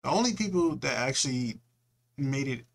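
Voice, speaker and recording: A young man from California rambling through a casual reaction commentary. His voice sits at an ordinary mid pitch, and his talk is loose and slangy, full of swearing and restarts. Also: lively intonation, moderate pace, vocal fry. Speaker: reaction video host.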